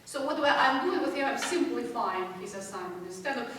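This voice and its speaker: A woman's voice: fairly high pitch, expressive, brisk, a bit bright, recorded from a distance, a little hiss or hum. Encouraging woman piano teacher in echoey hall. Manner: encouraging, laughs often, exaggerates to make a point. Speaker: piano teacher giving a masterclass. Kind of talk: masterclass coaching. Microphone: distant room mic. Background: piano playing.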